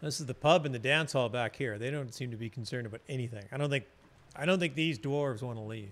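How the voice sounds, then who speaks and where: A man talks quickly in a medium-pitched, slightly bright voice while streaming a fantasy game, chatting and rambling casually and often restarting what he says. A little background noise is audible.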